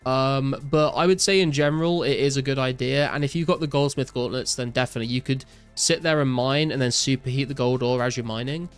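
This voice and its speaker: A young man talks loosely to his live chat while he plays, reading their messages back and musing on his answers with plenty of fillers. His voice sits at an ordinary pitch and comes across smooth and clean. Soft music runs quietly underneath. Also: a little fast, few pauses. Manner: relaxed, reads out chat messages and answers viewers with many fillers. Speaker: game streamer. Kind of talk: casual live-stream chat while gaming.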